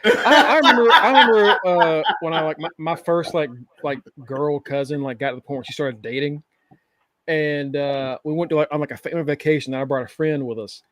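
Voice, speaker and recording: A man's voice: a little high, brisk, a bit bright. A man co-hosting a podcast in casual chat, joking, laughing often and acting out little scenes. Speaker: podcast co-host.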